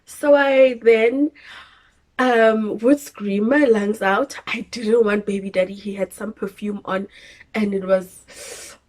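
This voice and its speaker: Animated South African woman telling a story. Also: medium pitch, slow pace. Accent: South African English. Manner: animated, acts out her own screams and quotes with laughter. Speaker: vlogger telling her birth story. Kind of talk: casual storytelling to camera.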